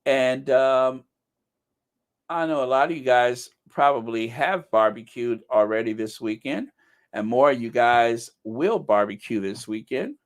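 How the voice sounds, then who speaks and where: A man's voice: mid-range voice, a little slow. A middle-aged man hosting a casual live chat, reading viewer comments and joking at his own expense with mock-indignant outbursts. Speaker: channel host.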